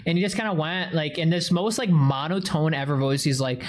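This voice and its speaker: A woman's voice: low-pitched, fairly quick, hardly any pauses. A young woman streaming live, chatting casually and telling a story with a lot of swearing.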